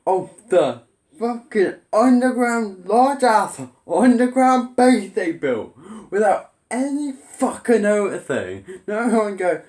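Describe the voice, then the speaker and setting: A man's voice: high voice, sing-song, slow, a little mellow, reverberant. A man ranting in an exasperated, sarcastic way as a vlogger. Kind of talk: ranting commentary.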